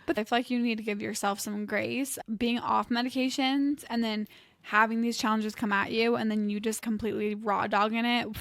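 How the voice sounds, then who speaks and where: A woman's voice: a little high, no echo, clean studio sound. A woman co-hosting a podcast, encouraging and reassuring her friend in casual talk. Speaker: podcast co-host. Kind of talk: supportive casual chat.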